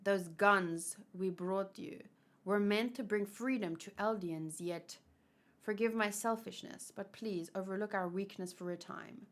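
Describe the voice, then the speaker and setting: A woman reading as a solemn, measured foreign ally from a comic, speaking slowly and gravely. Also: medium pitch, close to an everyday voice.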